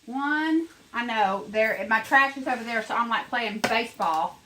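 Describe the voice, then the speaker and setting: A woman's voice: fairly high pitch, expressive, measured pace, noisy background. A woman chatting her way through a home cooking demonstration, rambling and talking straight to her viewers in her kitchen.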